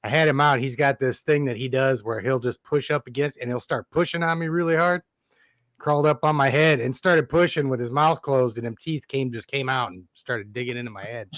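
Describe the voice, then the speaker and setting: Guest, man, easygoing chatter on a call, medium pitch, very dry. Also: a little fast, a bit bright, no echo. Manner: easygoing, laughs between stories. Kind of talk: casual live chat.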